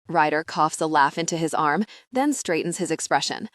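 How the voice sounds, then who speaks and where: A woman reading a first-person romance novel aloud in steady, even audiobook narration. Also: low voice, moderate pace, hardly any pauses, no room sound, studio quality.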